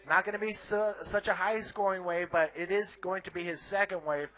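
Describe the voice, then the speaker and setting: A man calling live play-by-play at a bodyboarding contest, excitable and rising on the big moves. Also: high-pitched, normal speed. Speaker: play-by-play commentator.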